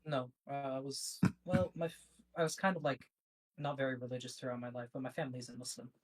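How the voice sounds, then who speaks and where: A male caller in a live debate speaks quickly at a mid pitch. His talk is casual and hesitant, full of fillers and restarts as he searches for words. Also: level tone, rough recording.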